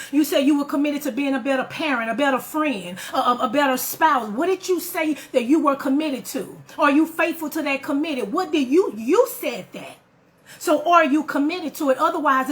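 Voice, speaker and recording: A woman giving a motivational talk, emphatic and repetitive, with preacher-like build-ups and direct questions to the listener. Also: high-pitched. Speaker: motivational speaker.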